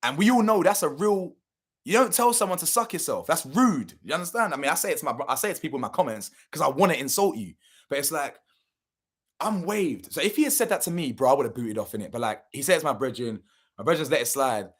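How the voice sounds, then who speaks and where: Fast-talking husky young man. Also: a little high. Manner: animated, slangy, swearing, acts out quotes. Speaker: channel host. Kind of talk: casual storytelling to camera.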